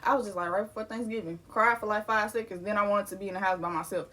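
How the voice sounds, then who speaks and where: A woman's voice: medium pitch, steady tone, fast, bright, forceful tone. A young adult woman telling a personal story in a casual, candid way, full of slang and swearing. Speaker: vlogger.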